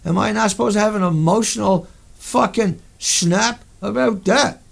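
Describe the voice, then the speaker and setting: Furious, high, gravelly man ranting. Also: moderate pace. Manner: furious, profane ranting with sudden outbursts. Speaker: video host. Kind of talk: angry monologue over pictures.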